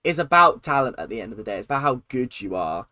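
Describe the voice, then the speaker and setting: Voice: mid-range voice, very animated, fast talker, bright, forceful tone. A British host reacting to a TV show in a blunt, ranting, sarcastic way. The voice sits in a middle register and is recorded on a close mic in a dry room with no echo. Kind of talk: casual reaction commentary.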